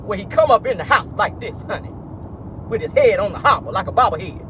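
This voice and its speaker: A man hosts a casual celebrity gossip vlog from his car, talking with playful sass and frequent laughter. His pitch leaps and dives expressively. Faint noise from the car hums in the background. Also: expressive, brisk. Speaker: host.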